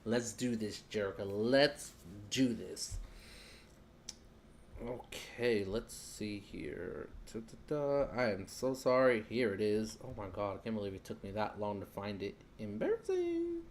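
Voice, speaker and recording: A man's voice: on the low side, fairly even intonation, measured pace, a little hiss or hum. A man giving a casual live-stream lesson on credit, chatting loosely and talking while he fumbles with his screen.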